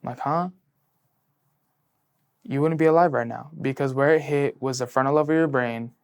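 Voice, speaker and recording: Recent high school grad, male, medium-pitched clear voice, telling his own story with earnest ups and downs. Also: quick pace. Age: late teens. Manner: earnest storytelling, heavy use of "like", shifting between hushed and excited. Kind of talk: personal testimony in a sit-down interview.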